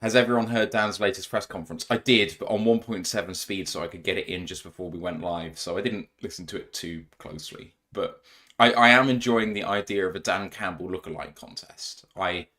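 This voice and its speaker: A man's voice: low voice, brisk, sharp tone. Laughing, self-mocking male podcast host. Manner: laughing, self-deprecating banter. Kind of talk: casual live podcast chat.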